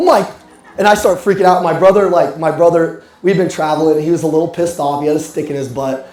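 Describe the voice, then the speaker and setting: A young man giving an animated, playful motivational sales talk to a live audience. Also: a little high, fast talker. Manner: animated, playful, addresses the crowd directly. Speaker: sales coach speaking live. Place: roomy hall with a live audience. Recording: echoey room with faint music.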